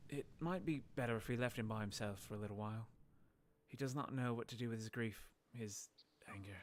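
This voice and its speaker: A man voicing a calm, formal older village doctor in a put-on South African accent, speaking in a measured way. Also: medium pitch, slight background noise, close to an everyday voice.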